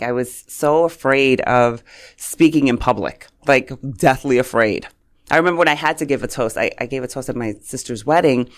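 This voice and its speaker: A middle-aged woman from New York, a communications coach, chatting as a guest and telling stories animatedly. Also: a bass voice. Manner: animated storyteller, acts out quotes. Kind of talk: casual interview chat.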